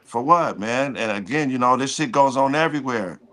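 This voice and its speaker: A man's voice: medium pitch, lively intonation, fairly quick, bright, forceful tone. A man on a live talk stream, speaking bluntly and emphatically, with casual swearing. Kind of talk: casual chat.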